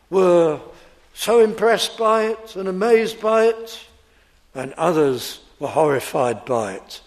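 A man preaching a sermon, slow and emphatic, asking his hearers rhetorical questions. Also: sits high, darkish tone.

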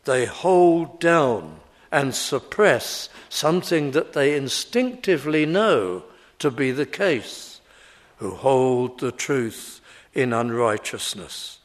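A male preacher delivers an expository sermon in a slightly raised voice that rises and falls with wide, lively swings of pitch. He keeps an unhurried, deliberate pace and hammers each point home by repeating its key phrases.

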